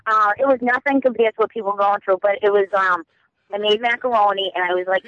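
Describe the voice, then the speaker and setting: A woman with a Boston accent calling in and chatting casually, talking very fast and rambling. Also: medium pitch, fairly even intonation, a bit bright, no echo, dull audio. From Boston, Massachusetts. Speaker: caller. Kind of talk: casual call-in chat.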